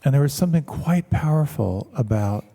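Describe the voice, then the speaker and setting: A man, a meditation teacher, giving a measured, reflective talk and telling stories to an audience in a large hall. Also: fairly high pitch, expressive, dark tone. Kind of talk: dharma talk.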